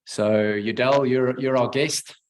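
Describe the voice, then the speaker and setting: A man with a South African accent hosting a webinar over a video call, with a hesitant, pausing delivery. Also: medium pitch, steady tone. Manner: hesitant, many pauses. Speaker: webinar host. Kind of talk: webinar moderation.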